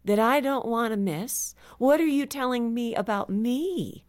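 A woman guest on a Christian radio talk show, speaking earnestly and animatedly about reading scripture slowly. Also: on the high side. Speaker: guest author. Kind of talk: casual radio conversation.

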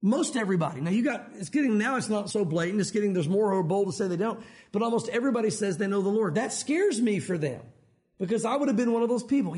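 A pastor from Tennessee preaches in an easy, conversational way, his light Southern accent showing through. He talks fast and often restarts his sentences mid-thought. His voice sits notably high for a man. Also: animated, darkish tone. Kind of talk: sermon.

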